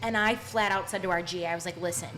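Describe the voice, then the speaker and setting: Young woman, podcast host, chatty, expressive storyteller, mid-pitched voice, faint music behind. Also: fast. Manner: chatty, expressive storyteller with frequent "like" and bursts of laughter. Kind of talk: casual podcast chat.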